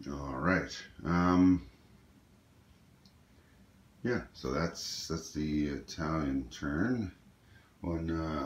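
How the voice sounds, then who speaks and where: A man casually talking through his moves in a tabletop strategy game, explaining as he goes with plenty of ums and uhs. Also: rumbling low. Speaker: board game player. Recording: echoey room with faint noise.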